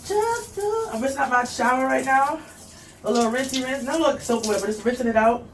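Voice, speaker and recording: A woman's voice: on the high side, fairly even intonation, fast, a little hiss or hum. A young woman vlogging casually while she cleans, rambling and chatty, talking to a child off camera and reading comments aloud.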